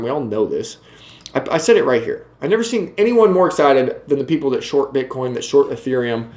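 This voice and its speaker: A man's voice: sits high, echoey room. A man hosting his own video channel, ranting emphatically, repeating himself and talking straight to his viewers. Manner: emphatic, repetitive, talks to viewers directly. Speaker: crypto video host.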